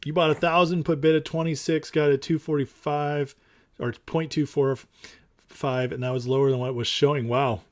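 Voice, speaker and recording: A man's voice: fairly high pitch, level tone, moderate pace. Rambling, emphatic male livestream host. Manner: rambling and emphatic, with fillers and restarts. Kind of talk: casual livestream chat, reading viewer comments.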